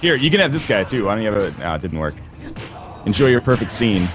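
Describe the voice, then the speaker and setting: Playing alongside a friend with game music behind him, a man gives loose, jokey let's play commentary packed with "like" fillers. He has a lowish, sing-song voice and speaks quickly.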